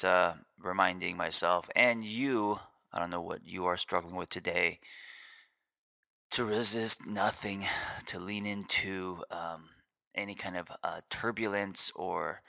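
A man, a therapist hosting his own show, talking casually and unscripted in a groggy early-morning voice, with a relaxed, rambling manner and many fillers. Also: deep voice, vocal fry, no room sound, studio quality. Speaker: therapist and podcast host.

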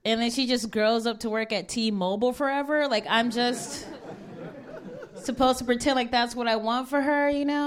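A woman's voice: a little high, fairly even intonation, moderate pace. A woman in her thirties from Ohio, performing a stand-up comedy set on stage before a live audience, laid-back and wry with many fillers. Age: 30s.

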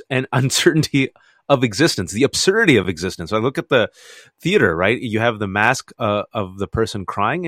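A man, an author, talking in a radio interview as an animated storyteller who laughs often. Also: lowish voice, no echo, clean studio sound. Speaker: author and guest.

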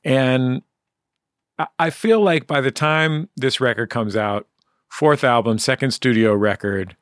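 Male host, mid-pitched, eager, dry close mic. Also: a little slow, no echo. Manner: enthusiastic, hums out the music. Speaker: radio host. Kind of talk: interview hosting.

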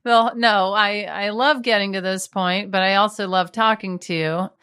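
A woman hosting a podcast, chatting in an unhurried, reflective way. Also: medium pitch, fairly even intonation, a bit bright, smooth, no echo, clean studio sound. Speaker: podcast host. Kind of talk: casual chat.

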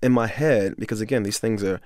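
Male film director from Miami, relaxed and earnest, lower voice, dry and close. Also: brisk, no room sound. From Miami, USA. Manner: laid-back, earnest, lots of "you know" and "bruh". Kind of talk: interview, personal storytelling.

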